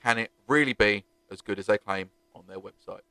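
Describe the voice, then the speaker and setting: A man's voice: on the low side, a little fast, dry recording. Chatty man reviewing car products. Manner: chatty, animated, jokey. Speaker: car detailing vlogger.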